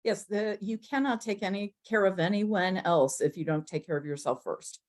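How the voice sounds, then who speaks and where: A woman moderating a casual online panel discussion, easygoing and relaxed. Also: mid-range voice, moderate pace.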